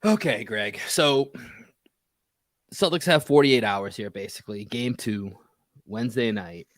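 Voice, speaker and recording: A man hosting a sports podcast, talking fast with frustrated restarts about a lost game. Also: lowish voice, lively intonation, no room sound, clean studio sound. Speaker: podcast host.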